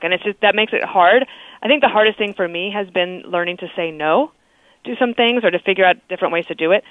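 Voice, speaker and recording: A woman talking as a guest in a phone interview, brisk and chatty, heard over a telephone line. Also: mid-range voice, no echo. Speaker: guest, TV news anchor. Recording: dry tinny phone line.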